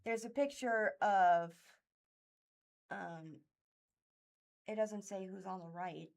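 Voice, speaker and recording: A woman reading local news articles aloud for a radio reading service, halting and stumbling over names and words. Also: mid-range voice, creaky. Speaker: volunteer news reader. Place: thrift store.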